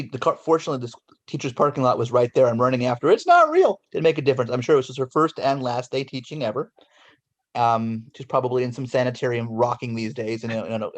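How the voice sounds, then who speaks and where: A man in his forties from Los Angeles, a guest telling a childhood story in an animated way and acting out the voices. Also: medium pitch.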